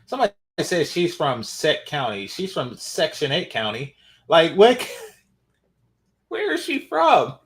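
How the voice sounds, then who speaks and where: Sarcastic man with a lively voice. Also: on the high side, takes it slowly. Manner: sarcastic, mocking. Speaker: commentary channel host. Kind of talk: reaction commentary.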